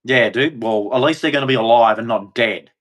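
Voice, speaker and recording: A man's voice: medium pitch, fairly quick, fairly bright tone. A man giving an emphatic, repetitive monologue, swearing and acting out quoted voices as he goes. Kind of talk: ranting monologue.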